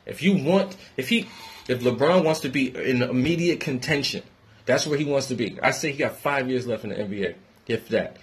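A young man from New York rants casually and profanely, shifting between loud outbursts and low mutters. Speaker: independent musician giving sports opinions. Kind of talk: casual ranting monologue.

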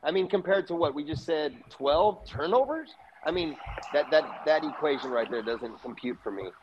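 A man talking football with friends, his pitch rising and falling a lot as he goes. He jokes crudely and laughs often. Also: lively intonation, moderate pace, muffled recording, background noise. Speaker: podcast panelist. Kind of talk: casual sports chat.

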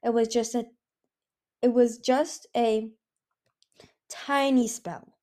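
A woman's voice: a little high, fairly even intonation, slow, dark tone. A woman playing Darkstalker, a showy young dragon. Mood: playful. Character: young male dragon, boastful and playful.

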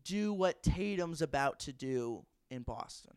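A man's voice: on the high side, animated, measured pace, a little mellow, clean tone, no room sound, studio quality. A man co-hosting a podcast, chatting about sports in an enthusiastic, emphatic way, often restarting his sentences. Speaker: podcast co-host. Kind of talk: casual sports chat.

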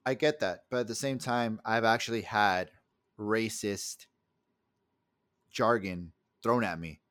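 A man's voice: fairly low pitch, slow, fairly bright tone, no room sound, studio quality. A young man from the El Paso area, co-hosting a casual podcast and telling a story in a heated, profane way. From El Paso area, USA. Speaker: podcast co-host.

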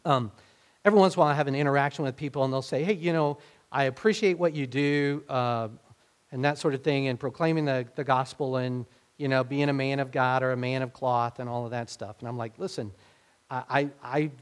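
A man's voice: mid-range voice, steady tone, a little fast. Conversational man preaching a sermon. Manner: conversational, acts out quoted speech with rising emphasis. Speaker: pastor.

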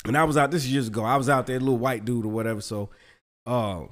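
A man's voice: mid-range voice, fast talker. A middle-aged man co-hosting a podcast, chatting casually and telling stories with frequent laughter and swearing. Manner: animated storyteller, laughs often, swears freely. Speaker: podcast co-host. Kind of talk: casual chat.

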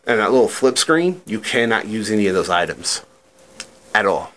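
Male co-host, bright voice, rambling profane gaming talk. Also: lowish voice, sing-song, moderate pace. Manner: loose, profane and chatty, with fillers like "like" and "uh". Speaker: podcast co-host. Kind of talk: casual chat.

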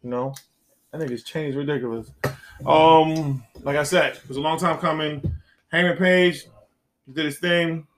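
A man's voice: a little high, fairly even intonation. Joking, swearing podcast co-host man. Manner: joking, swears freely, quick to tease. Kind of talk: casual chat.

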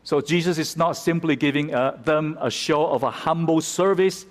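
A man delivers a sermon, explaining scripture verse by verse and turning dramatic whenever he quotes it. His voice sits a little high for a man. A long reverb from the hall trails after his words. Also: moderate pace. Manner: expository, dramatic when quoting scripture. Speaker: pastor.

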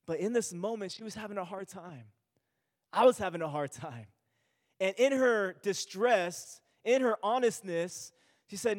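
A man's voice: sits high, unhurried, in a large hall. A male pastor giving an earnest sermon, repeating himself and restarting phrases as he speaks.

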